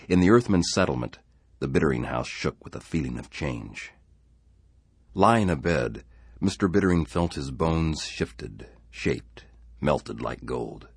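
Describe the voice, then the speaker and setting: A man reading a story aloud in an expressive, measured way. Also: rumbling low, husky, no room sound. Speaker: narrator.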